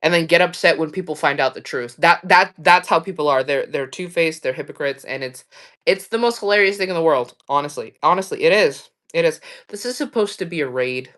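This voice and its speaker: A woman's voice: low-pitched, a little fast, fairly bright tone. Candid, swearing woman livestreamer, rambling. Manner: candid, swearing, laughing often, chatty storytelling. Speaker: livestream host. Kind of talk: casual livestream chat.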